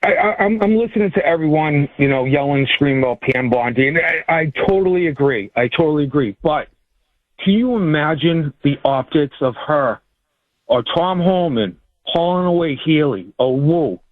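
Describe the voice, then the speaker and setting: A man calling in to a talk radio show, his voice a little high. He repeats words and restarts as he insists on his point. His voice is thin and narrow, like a phone line. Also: animated, normal speed, dry recording. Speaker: first-time caller. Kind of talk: radio call-in.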